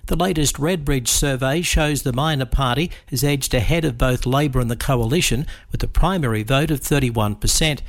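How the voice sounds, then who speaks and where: A man reading a radio news bulletin in a steady, measured way. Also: mid-range voice. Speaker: newsreader.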